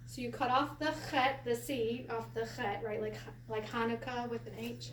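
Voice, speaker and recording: Woman teacher, high and chatty, laughs a lot, recorded from across an echoey room with light hiss. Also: normal speed, distant mic. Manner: chatty, laughs often, animated storytelling. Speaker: Hebrew teacher. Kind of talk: casual classroom lesson.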